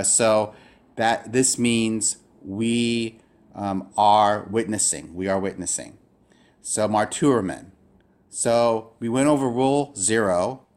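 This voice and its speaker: A man with a fairly low voice gives a recorded lesson. He explains patiently and goes step by step, often pausing on fillers and restarting his sentences. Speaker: Greek language teacher. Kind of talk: recorded classroom lecture.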